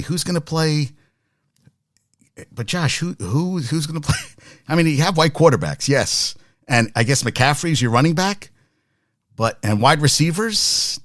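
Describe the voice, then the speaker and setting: A man hosting a casual sports talk podcast, rambling and animated, with many restarts and asides while reacting to his chat. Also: medium pitch, dry recording, studio quality.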